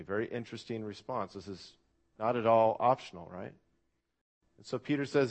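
A man's voice: fairly low pitch, fairly even intonation, fairly quick. A man preaching a sermon to a church congregation in an earnest, reflective way. He often asks the listeners questions and uses "uh" fillers. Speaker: pastor.

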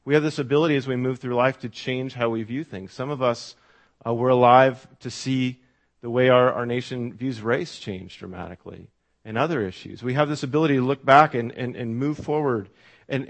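A man's voice: mid-range voice, fairly quick. A middle-aged man preaching a sermon as pastor, telling stories in a conversational way with fillers and asides to the congregation.

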